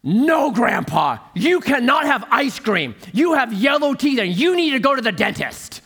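A man voicing a loud, blunt little girl who repeats herself insistently. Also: wildly swooping pitch, slightly rough, exaggerated voice. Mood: shrill, insistent. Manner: shrill, insistent, drawn-out repeats.

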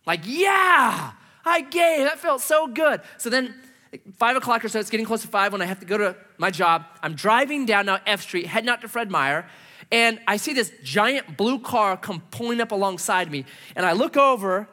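A middle-aged male pastor preaching from the stage, telling stories on himself with self-mocking humor. His fairly high, bright voice swings widely in pitch as he acts out his own reactions. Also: expressive, fairly quick. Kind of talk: sermon with personal storytelling. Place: church stage.

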